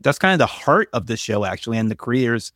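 A man's voice: medium pitch, very animated, quick pace, fairly bright tone, no room sound. Hedging man in dry casual chat. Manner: conversational, hedging, many fillers and asides. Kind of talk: casual discussion.

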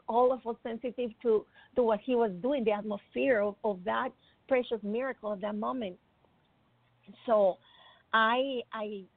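Gravelly woman telling an emotional testimony. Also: fairly high pitch, dry recording. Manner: earnest, emotional, acts out quoted voices. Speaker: speaker sharing a personal faith testimony. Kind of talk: emotional faith testimony storytelling. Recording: tinny phone-like dry sound.

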